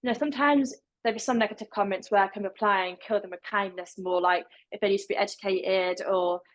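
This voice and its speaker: Young adult woman, deaf accent, level and even delivery; casual podcast guest. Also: mid-range voice, quick pace, rough recording. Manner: fairly level, even delivery with some words pronounced differently. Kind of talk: casual interview talk.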